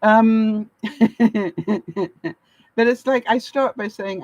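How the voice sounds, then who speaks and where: A woman's voice: medium pitch, takes it slowly, darkish tone, no room sound, low-quality recording. A woman from Canada giving casual advice to her viewers, laughing often and acting out the lines she quotes. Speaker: vlogger. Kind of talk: casual advice talk to camera.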